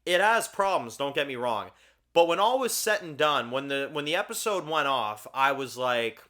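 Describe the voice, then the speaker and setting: A man's voice: medium pitch, animated, normal speed, sharp tone. A man hosting his own TV review channel, talking casually and frankly to viewers and often repeating words as he thinks. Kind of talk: casual on-camera review talk.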